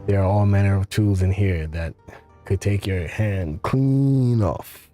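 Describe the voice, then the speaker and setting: A man voicing a cultured, polite male tinkerer in a video game, speaking in a pleasant, measured and faintly ironic way. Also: on the low side, dark tone, soft background music, natural voice.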